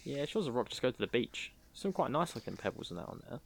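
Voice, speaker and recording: A man's voice: medium pitch, very animated, quick pace, gravelly, a little hiss or hum. A man co-hosting a horror film podcast, chatty and playful, acting out scenes as he talks. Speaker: podcast co-host. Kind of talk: casual film review chat.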